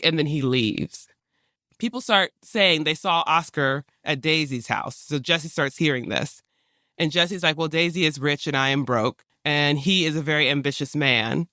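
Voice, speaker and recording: A man's voice: fairly high pitch, bright, forceful tone, dry recording, studio quality. A man hosting a podcast, retelling a historical story in casual modern slang and briefly acting out the people in it. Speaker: podcast host.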